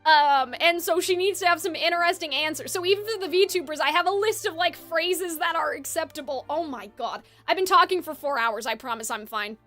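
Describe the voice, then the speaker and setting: Woman, streamer, casual live chat, rambling, self-correcting, high-pitched, faint music behind. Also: brisk, hardly any pauses, fairly bright tone. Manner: rambling and chatty, often correcting herself.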